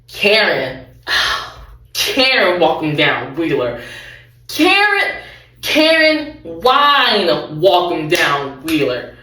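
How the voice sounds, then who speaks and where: A woman's voice: lowish voice, wildly swooping pitch, drawn-out words, sharp tone, distant mic. A young adult woman recapping a TV show in a casual, rambling way, correcting herself and adding laughing asides. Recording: roomy, off-mic.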